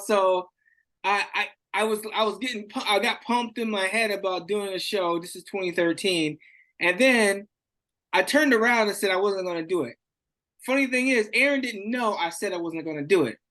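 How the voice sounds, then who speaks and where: A man's voice: sits high, pushed and bright. A man hosting a casual interview podcast, talking in a loose, enthusiastic way. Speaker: podcast host.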